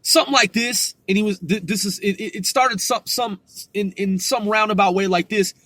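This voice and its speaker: Man, high voice, bright tense tone, dry close sound, rambling profane storytelling, podcast host. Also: moderate pace, no room sound. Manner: rambling, profane, many restarts.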